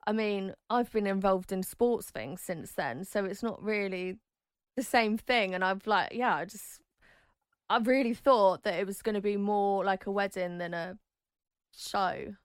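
Woman, thirties, chatty interview guest, animated storytelling, dry close sound. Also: measured pace, clean tone, no echo. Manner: chatty, animated, acts out quotes with high squeals.

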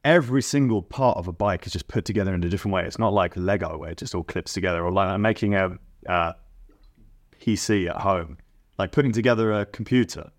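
Deep-voiced man chatting. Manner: chatty, quick asides and teasing questions. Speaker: podcast co-host. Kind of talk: casual chat.

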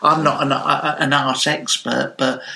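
A comedy podcast host with a gravelly, fried edge and a bright, forward tone. He tells a rambling, sweary tall tale with a straight face. The sound is lo-fi, like something recorded on inferior gear. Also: mid-range voice, level tone, unhurried. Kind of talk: improvised comic storytelling. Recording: lo-fi recording on cheap equipment.

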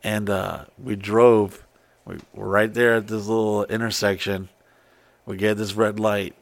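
A man's voice: on the low side, a little slow, vocal fry, no echo. A man telling a wild story in casual chat, swearing freely and acting out what people said. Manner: profane, excitable, acts out quotes.

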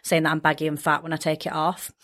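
A woman's voice: low voice, level tone, quick pace, a bit bright. A young woman with a South Yorkshire accent, co-hosting a casual podcast and chatting with frequent laughs. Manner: chatty, reads out comments with laughs. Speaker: podcast co-host.

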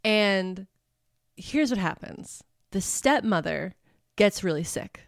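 A woman's voice: mid-range voice, lively intonation, takes it slowly, creaky, dry recording, clean studio sound. Chatty woman telling a true-crime story. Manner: chatty, lots of fillers and laughter. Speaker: podcast co-host.

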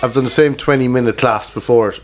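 A man's voice: medium pitch, brisk. A man who works as a stand-up comedian, co-hosting a podcast in casual chat. He tells anecdotes and laughs into his own stories.

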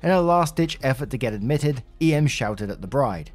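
A man's voice: mid-range voice, expressive, normal speed, a little mellow, faint music behind. A man reading online posts aloud as a story narrator, adding wry casual asides between them.

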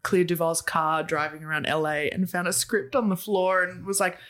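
A woman's voice: fairly low pitch, flat delivery, moderate pace, a bit bright. A woman co-hosting a podcast, chatting casually and playfully, laughing often. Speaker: podcast co-host. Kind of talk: casual chat.

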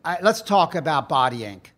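A man's voice: a little high, very animated, normal speed, a bit bright. Rambling man hosting a podcast. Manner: easygoing, rambling, laughs often. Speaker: podcast host. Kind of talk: casual chat.

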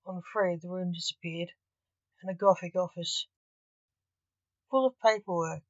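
A woman narrates a fantasy story slowly and evenly. Her voice sits in the middle of the range, recorded dry and a little dull. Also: fairly low pitch, steady tone, no room sound.

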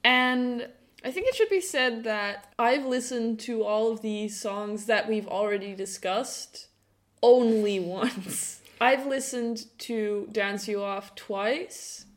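A woman co-hosting a casual podcast chat, teasing and quick to laugh. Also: a little high. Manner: teasing, laughs easily, unhurried. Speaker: podcast co-host.

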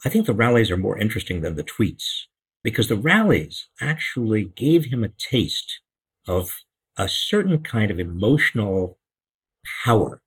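Husky man with an animated delivery, emphatic political commentator. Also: fairly low pitch, rough recording. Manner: emphatic, repeats words for stress, lively intonation. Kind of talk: casual political discussion.

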